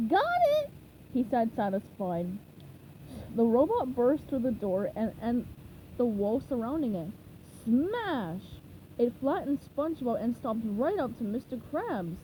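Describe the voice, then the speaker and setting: Woman reading aloud, slow and measured, high lively voice, mellow tone, faint background noise. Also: low-quality recording. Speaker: reader. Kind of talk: reading a children's novelization aloud.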